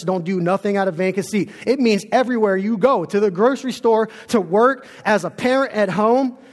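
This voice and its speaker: A man's voice: fairly high pitch, darkish tone, big-room sound. A man preaching a sermon as pastor in a church, earnest and storytelling.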